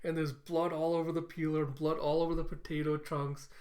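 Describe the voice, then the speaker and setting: A man casually recapping an animated episode, animated and amused. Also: a little high, fairly quick. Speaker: anime reviewer.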